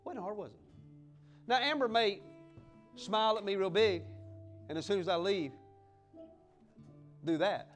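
A man's voice: sits high, unhurried, pauses often, soft background music. A man preaching a sermon as pastor, fiery and exuberant, with whoops and acted-out little scenes.

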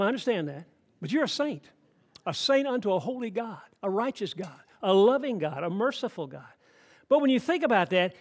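An older man from Atlanta, preaching a sermon in a folksy, emphatic way with asides to the congregation. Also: high-pitched. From Atlanta, Georgia. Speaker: pastor.

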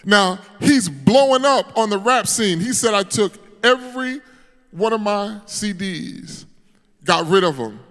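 A man preaching a sermon as a pastor, telling a story and rising into shouted, sing-song climaxes. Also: high-pitched, animated, unhurried. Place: church sanctuary. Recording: long hall reverb.

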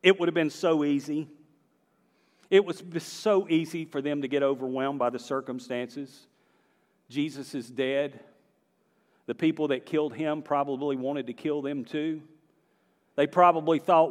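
A man delivers a sermon with a voice pitched a bit high for a man. He swings from quiet points to loud, emphatic exclamations, and a long reverb from the hall trails after each line. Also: unhurried, long pauses. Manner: animated, rising to emphatic exclamations. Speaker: pastor.

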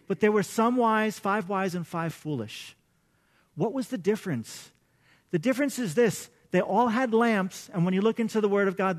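A middle-aged pastor delivers a conversational sermon, telling casual stories and using self-deprecating humor. His voice sits high.

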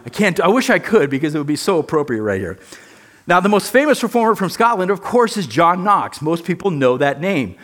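A man's voice: a little high, big pitch swings, fairly quick, fairly bright tone. A man teaching a church history lesson in an earnest, emphatic way, often repeating words.

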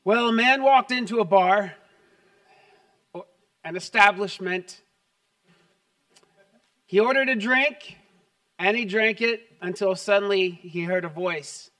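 Upbeat high-voiced pastor preaching. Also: male voice, pushed and bright, far from the mic. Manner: upbeat and conversational, tells jokes. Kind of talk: sermon. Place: church sanctuary.

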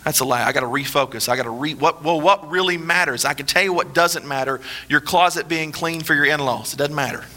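A male pastor preaching a sermon with emphatic repetition, dropping low and quiet for solemn points. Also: brisk, few pauses, a little hiss or hum.

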